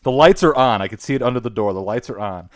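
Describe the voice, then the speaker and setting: A man co-hosting a podcast, telling a crude story with laughter and animated asides. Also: medium pitch, fast, no room sound, clean studio sound. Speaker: podcast co-host. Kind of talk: casual storytelling.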